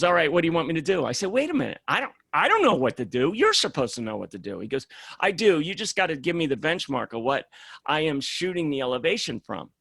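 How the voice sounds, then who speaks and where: A man's voice: on the high side, vocal fry, no room sound, studio quality. A man guest on a podcast, telling a story in casual talk and acting out the lines of the people in it. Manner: animated storyteller acting out dialogue.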